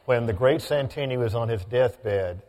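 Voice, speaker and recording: A male radio host asking measured, courteous questions in an interview. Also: mid-range voice, long reverb tail, noisy background.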